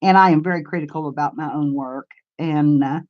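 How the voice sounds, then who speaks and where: A woman's voice: deep voice, fairly quick, muffled recording. An older woman hosting a crafts channel, chatting in a rambling, homey way and answering viewers' comments on a live stream. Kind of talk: casual live-stream chat. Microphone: camera mic.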